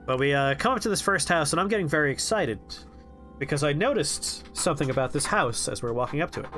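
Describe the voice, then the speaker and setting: A man's voice: mid-range voice, very fast. A man casually telling a funny story on a game stream, acting out the people in it. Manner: animated, quotes people in shifting voices, laughs. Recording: faint music behind.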